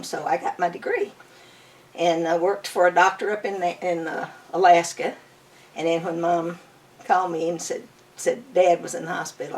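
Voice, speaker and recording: An older woman who plays bluegrass tells stories in a casual interview at her home, enthusiastic, chatty and fond. Her voice is lowish and recorded from a distance.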